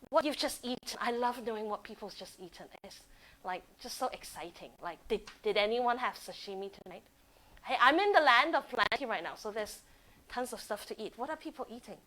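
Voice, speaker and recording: A woman hosting a casual live stream from a living room, excitable and giggly as she talks to the camera. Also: on the high side, low-quality recording.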